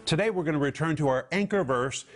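Man, Bible teacher, TV program host, emphatic, slightly high voice, slows down on key words. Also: music in the background.

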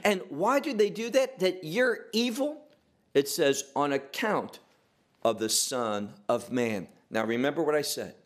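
A man's voice: fairly high pitch, expressive, unhurried. A man preaching a sermon, emphatic, asking rhetorical questions and drawing out key words.

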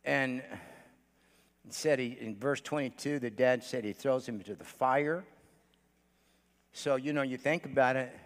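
A male pastor preaching a sermon, swinging between shouted declarations and hushed storytelling, with many "uh" fillers between phrases. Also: medium pitch, unhurried, long pauses. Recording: long church hall reverb.

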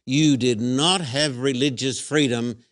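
A man, a pastor, hosting an interview in a measured way and posing rhetorical questions. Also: mid-range voice, fairly even intonation, no echo.

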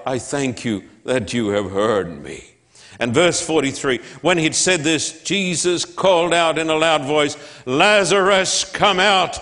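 A man's voice: on the high side, a bit bright. A man preaching a sermon in church, with an emphatic, repetitive cadence. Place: church sanctuary. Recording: long hall reverb.

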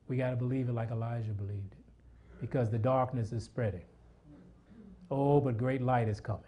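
A man's voice: medium pitch, steady tone, moderate pace, highs cut off. A man preaching a sermon, reading scripture aloud and calling out questions to his congregation.

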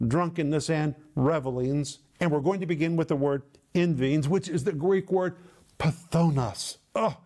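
A male Bible teacher with a somewhat high voice. He teaches in an emphatic, deliberate way and slows down to press on the words that matter. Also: mellow.

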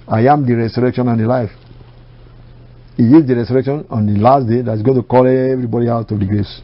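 A man preaching a sermon, emphatic, slowing down to quote scripture and rising on key phrases. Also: medium pitch. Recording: dull lo-fi recording.

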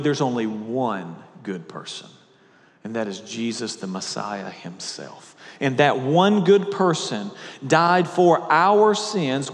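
Male pastor, fairly high voice, dynamic sermon delivery, long church-hall reverb. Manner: dynamic preaching, swinging from loud emphatic peaks to hushed low lines. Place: church sanctuary.

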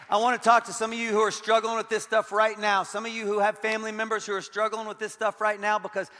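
High-voiced middle-aged preacher in a hall. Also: male voice, fast talker, few pauses. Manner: energetic and joking, switching to earnest. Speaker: guest pastor. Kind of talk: sermon. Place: large church hall. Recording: long hall reverb.

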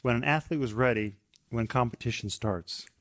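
A man's voice: mid-range voice, moderate pace. A man sharing a thoughtful point in a group discussion, now and then restarting his phrases. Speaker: discussion participant.

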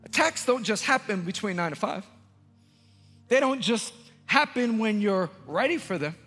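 High, bright-voiced man preaching emphatically. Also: lively intonation, normal speed, breathy edge, big-room sound, faint music behind. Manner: emphatic, repetitive preaching that builds to shouts. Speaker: pastor. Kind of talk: sermon. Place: large church auditorium.

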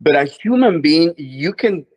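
A man's voice: a little high, expressive, a little slow, darkish tone, breathy edge, low-quality recording. A man appearing as a guest minister, answering interview questions earnestly.

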